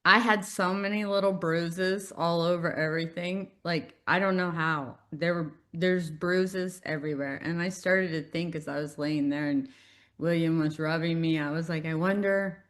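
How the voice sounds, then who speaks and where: A woman's voice: low-pitched, fairly even intonation, normal speed, a bit bright. A woman co-hosting a podcast, talking casually and expressively and laughing easily. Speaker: podcast co-host. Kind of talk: casual conversational chat.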